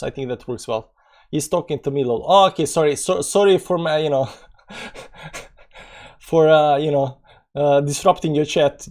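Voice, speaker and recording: A man hosting a casual live stream, reading chat and talking through charts in a rambling, filler-heavy way, low on energy. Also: a little mellow. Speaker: crypto live stream host.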